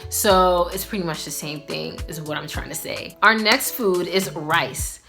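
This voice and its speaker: A young woman gives a casual, upbeat language lesson. Her voice sits a little low but rings bright and forceful, full of fillers as she chats. Soft music plays faintly behind her. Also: unhurried. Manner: chatty, filler-heavy, upbeat. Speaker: language teacher vlogger.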